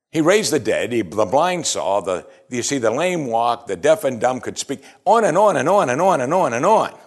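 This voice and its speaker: A man preaching a sermon in a conversational way, asking rhetorical questions and rising into animated bursts of emphasis. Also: mid-range voice.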